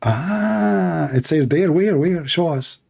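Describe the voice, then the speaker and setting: A man's voice: medium pitch, expressive, moderate pace, mellow. Mocking man hosting a call-in debate. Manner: mocking, taunting, insulting. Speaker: debate show host taking callers.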